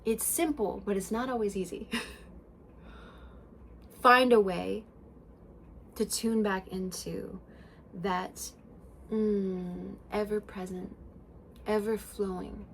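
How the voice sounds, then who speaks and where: A woman speaks directly into her own podcast, delivering an emphatic spiritual self-help monologue full of free swearing, lurching between loud outbursts and quiet stretches. Her voice sits mid-range for a woman, steady in tone, slow, creaky, with frequent pauses. A faint hiss or hum runs underneath.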